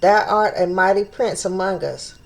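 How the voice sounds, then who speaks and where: In a creaky, mid-range voice at normal speed, a woman reads scripture aloud during an informal Bible study. She stops to think aloud, fumbles old names, and repeats phrases as she works through the text.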